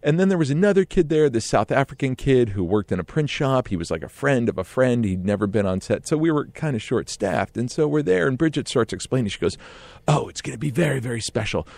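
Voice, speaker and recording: A middle-aged man telling a casual story in an animated way, often laughing and acting out what others said. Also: mid-range voice, fairly quick, few pauses, no room sound. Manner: animated, laughs often, acts out quoted voices.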